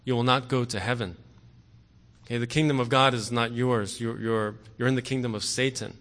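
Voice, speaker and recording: A man preaching a sermon earnestly, often pausing on "okay" and growing forceful on key words. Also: mid-range voice, steady tone. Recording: long hall reverb.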